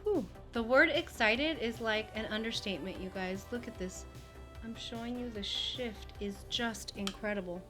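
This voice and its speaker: A woman's voice: a little high, fairly bright tone. Chatty woman gushing over makeup. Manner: chatty, gushing, full of fillers. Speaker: beauty vlogger. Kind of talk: casual makeup tutorial chat.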